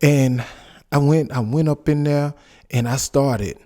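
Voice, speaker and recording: A man in his forties talks into his podcast mic, loose and rambling as he comments and tells stories from his own life. His pitch sits mid-range for a man, and he restarts his sentences often as he goes. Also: unhurried, warm tone. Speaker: podcast host. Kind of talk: casual commentary and personal storytelling.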